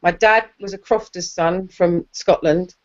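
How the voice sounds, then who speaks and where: A woman's voice: fairly low pitch, steady tone, measured pace. A well-spoken woman from London with a polished southern English accent, hosting a casual online debate chat in a blunt, outspoken way. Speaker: debate host. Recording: dull lo-fi audio.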